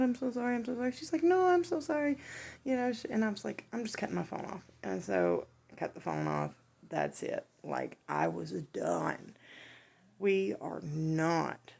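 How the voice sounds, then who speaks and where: A woman telling a funny personal story in a casual, animated way, often laughing. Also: mid-range voice, vocal fry, husky. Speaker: vlogger.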